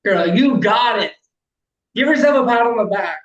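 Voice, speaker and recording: A man coaching a client in casual conversation, emphatic and animated, swearing freely and acting out quotes loudly. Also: sits high, moderate pace, reverberant, highs cut off. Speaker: life coach.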